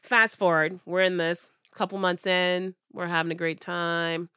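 A woman co-hosting a podcast tells a dating story in a loose, casual way, acting out the quotes with big swings in her voice. Her voice sits a little low. The recording is dry and close. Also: a little slow, clean tone, no room sound. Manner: animated, acts out quotes with big pitch jumps. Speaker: podcast co-host.

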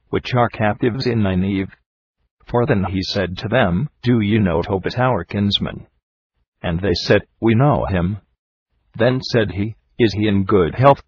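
Male reader for a Bible audiobook, steady measured delivery, lowish voice, dull lo-fi sound. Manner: steady measured reading, announces verse numbers. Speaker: scripture reader. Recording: dull lo-fi recording with faint hiss.

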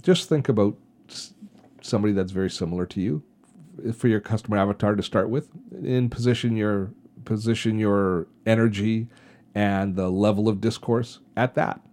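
A man talks through a solo podcast episode in an earnest, advising way, often restarting his sentences. His voice sits fairly low and has a dark, mellow tone. He sounds like a host coaching his listeners. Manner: earnest advice-giving, frequent restarts.

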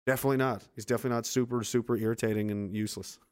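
This livestream host talks very fast in a mid-range voice with fairly even intonation. Sitting at home base on a hot day, he reads viewer comments and responds with rambling, sarcastic, profane asides.

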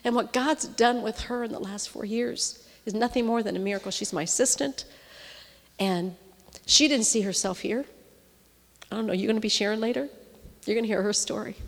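A woman's voice: medium pitch, a little fast, creaky, long pauses. A middle-aged woman preaching to a women's gathering, her voice carrying with a long reverb through a large hall. She talks conversationally and keeps checking in with her listeners. When she is moved she drops to a near-whisper. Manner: conversational, often checks in with the audience. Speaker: women's ministry speaker. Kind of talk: sermon.

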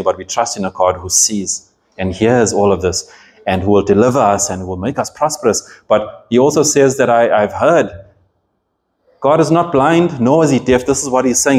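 A man's voice: lowish voice, a little mellow. A man preaching a sermon, reading scripture aloud and explaining it with earnest emphasis and frequent restarts.

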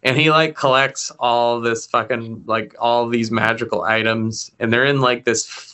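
A young man co-hosting a casual chat, telling stories in an animated way, with swearing and laughter. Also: mid-range voice, normal speed. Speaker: podcast co-host.

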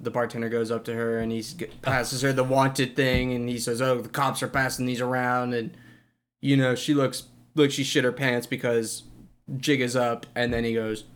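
A man with an ordinary mid-range voice chats on a movie podcast. He retells scenes at an easy pace and quotes the characters along the way. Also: mid-range voice. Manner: laid-back, retells scenes with quoted lines. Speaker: podcast co-host. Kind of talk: casual movie-podcast chat.

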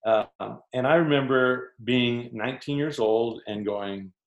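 A man's voice: medium pitch, a little slow, lo-fi sound. A man from Canada, a former basketball player, telling stories as a guest and acting out his coaches' lines. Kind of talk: casual storytelling. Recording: roomy echo.

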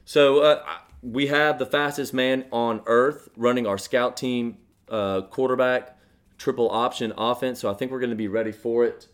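A man's voice: mid-range voice, fairly even intonation, moderate pace. A man co-hosting a podcast, a bit out of breath, joking and bantering in casual sports chat. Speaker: podcast co-host.

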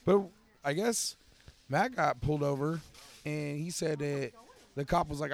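A young man trading loud, crude, joking banter as a podcast co-host. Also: on the high side, a little slow.

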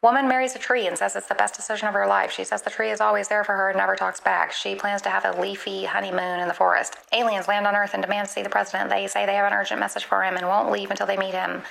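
A woman's voice playing an earnest, literal chatbot assistant in a comedy skit, polite and quick to apologize. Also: mid-range voice, level tone, gravelly, fairly bright tone, rough recording.

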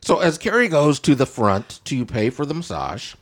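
A young adult man hosting a casual podcast, joking and drifting off topic with playful asides. His pitch swings widely as he talks, in a middling register. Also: big pitch swings, normal speed. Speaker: podcast host. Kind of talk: casual comedic chat.

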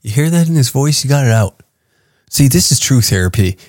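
A man's voice: medium pitch, lively intonation, a little fast, a little mellow, no echo, clean studio sound. A man hosting a comedy podcast, brash and profane, joking in a mock-therapeutic tone. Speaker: podcast host. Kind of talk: casual comedy podcast rant.

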